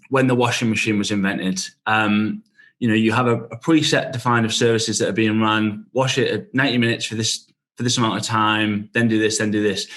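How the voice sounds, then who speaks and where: A man with a softened northeast English accent, a management consultant talking in a relaxed, easygoing way with hesitant fillers. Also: fairly low pitch. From northeast England. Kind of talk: casual webinar discussion.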